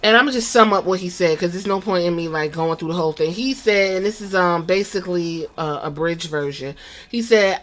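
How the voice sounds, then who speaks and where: A woman hosting a podcast, recapping a wrestling show in casual, profane, animated storytelling with quoted impressions. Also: lowish voice, a little fast. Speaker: podcast host.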